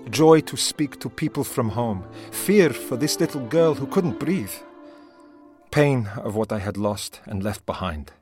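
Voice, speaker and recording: A man's voice: fairly low pitch, darkish tone. A man reading a heartfelt first-person story as scripted narration, with an emotional manner. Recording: narration over music.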